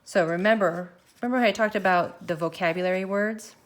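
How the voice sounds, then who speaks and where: A woman teaching a recorded math lesson, walking through each step slowly and thinking aloud as she films her worksheet. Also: mid-range voice. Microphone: phone camera filming her worksheet.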